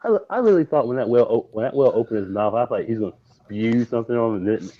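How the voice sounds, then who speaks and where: A man's voice: medium pitch, lively intonation, fast talker, highs cut off. A man co-hosting a casual chat, speaking in an easygoing, rambling way.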